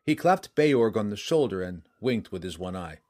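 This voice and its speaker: A man's voice: fairly low pitch, sing-song, warm tone. Man narrating a fantasy audiobook. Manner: measured, dramatic storytelling.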